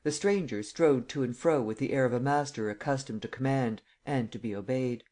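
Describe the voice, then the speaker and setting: A man narrating a classic novel in a measured, steady way. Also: mid-range voice. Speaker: audiobook narrator. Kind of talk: scripted narration.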